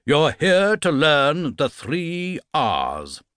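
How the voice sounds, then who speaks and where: A man playing a stern, sarcastic middle-aged schoolteacher in a storybook reading, in a high, slow, bellowing voice. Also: wildly swooping pitch, a bit bright, smooth, dry recording, studio quality, heavily acted.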